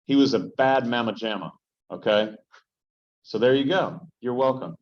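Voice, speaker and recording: A man teaching a Bible study as pastor, joking and animated as he tells stories and puts questions straight to the small group in front of him. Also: mid-range voice, moderate pace. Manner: joking, animated storyteller who addresses the group directly. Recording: dull, lo-fi sound.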